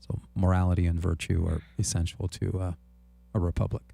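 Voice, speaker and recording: Deep gravelly dark-voiced guy backing up his cohost, chill panel chat. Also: level tone, fairly quick. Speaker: talk show co-host. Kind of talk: casual panel talk.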